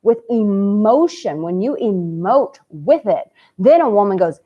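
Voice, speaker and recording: A woman's voice: medium pitch, animated, a little slow. A woman with a mid-range voice talks straight to her viewers as a dating coach for men. She is passionate, candid and cheeky, and she swears now and then. The recording sounds slightly dull and muffled. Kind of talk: direct-to-camera advice vlog.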